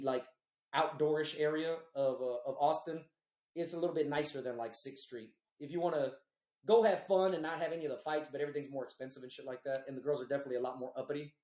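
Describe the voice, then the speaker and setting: A man's voice: medium pitch, darkish tone, reverberant. A man co-hosting a podcast, telling rambling, profane stories in casual chat. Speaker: podcast co-host.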